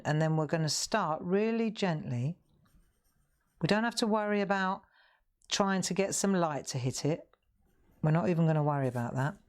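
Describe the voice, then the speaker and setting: A woman's voice: low voice, darkish tone. A middle-aged woman hosting a live colouring demonstration, chatty and encouraging as she talks straight to viewers. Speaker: craft show host.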